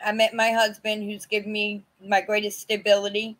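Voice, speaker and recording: A woman testifying about her own past on a virtual panel, speaking haltingly with many fillers and restarts over a video call. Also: mid-range voice, completely flat delivery, fairly bright tone, low-quality recording. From California. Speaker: community advocate sharing her story.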